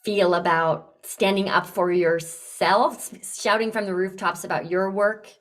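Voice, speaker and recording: A woman's voice: medium pitch, a little slow. Encouraging woman coach. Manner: encouraging, acts out lively enthusiastic examples. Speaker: business coach and podcast host. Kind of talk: live coaching session.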